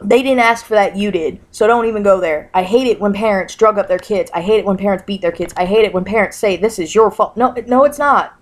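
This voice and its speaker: A woman ranting straight to her camera at home, blunt and fired up. She swears freely and hammers her points with repetition, in a middle-pitched everyday voice. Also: quick pace, few pauses. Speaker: vlogger. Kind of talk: angry vlog rant.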